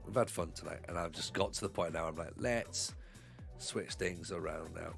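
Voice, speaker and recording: Low, gravelly Northeast English man with a cold. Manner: rambling, joking, self-deprecating. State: has a cold. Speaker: streamer playing a football management game. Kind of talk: casual live-stream commentary.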